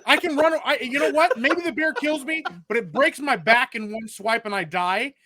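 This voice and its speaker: High-voiced ranting man. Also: normal speed, no room sound, studio quality. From Michigan, USA. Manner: ranting, profane, animated. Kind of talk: casual chat.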